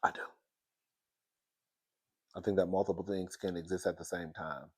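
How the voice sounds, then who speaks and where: Chatty stuffy-nosed man with a low voice. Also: fairly even intonation, normal speed, husky. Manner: chatty, talks to listeners as "girl". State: stuffy nose from crying. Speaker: reality TV recap host. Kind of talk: casual recap chat.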